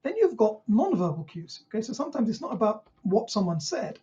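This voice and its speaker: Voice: mid-range voice, big pitch swings, fairly quick, warm tone, highs cut off. A GP trainer teaching an online session, who asks rhetorical questions and acts out what patients might say.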